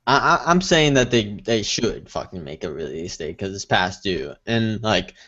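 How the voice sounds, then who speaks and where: A young man in a casual podcast chat, excitable, swearing and calling everyone dude and bro. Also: lowish voice, normal speed. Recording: dull lo-fi audio.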